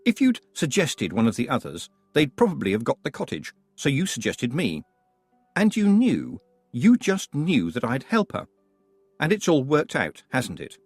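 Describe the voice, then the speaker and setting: A man voicing an earnest, indignant young girl witch in an audiobook, reading her lines at a raised pitch. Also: huge pitch swings, brisk, hardly any pauses, husky, dry recording, soft background music. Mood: accusing.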